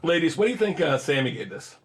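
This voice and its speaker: A man's voice: a little high, big pitch swings, fast talker, crowd noise. A man co-hosting a podcast in casual chat, upbeat and chatty, keeping the tasting game moving. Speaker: podcast co-host.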